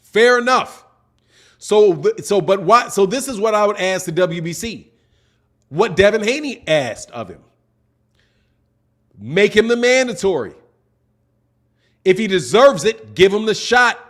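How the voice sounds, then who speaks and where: A man's voice: high-pitched, expressive, a little slow, pauses often, a bit bright. A man hosting a boxing channel, answering his chat in a casual livestream and ranting in exasperation, with "man" tacked onto his sentences.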